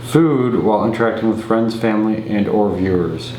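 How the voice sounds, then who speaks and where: A man's voice: lowish voice, moderate pace, warm tone. Joking young man in an echoey room. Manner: teasing, joking. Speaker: co-host. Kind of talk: casual vlog chat. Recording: echoey room, faint noise.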